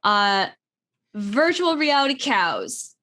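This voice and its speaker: A woman's voice: medium pitch, big pitch swings, slow pace, bright, forceful tone. A woman co-hosting a casual comedy podcast, giggling often as she tells stories. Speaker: podcast co-host.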